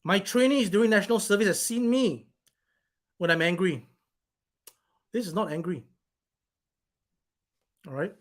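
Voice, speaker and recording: A man's voice: high-pitched, a little slow, long pauses. A man hosting his own live stream, reading out viewer comments in an irritated, blunt, rambling way and swearing now and then.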